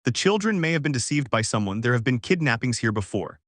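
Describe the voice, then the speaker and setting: A man narrating a fan story in an even, flat reading. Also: medium pitch, fast talker, no room sound, clean studio sound.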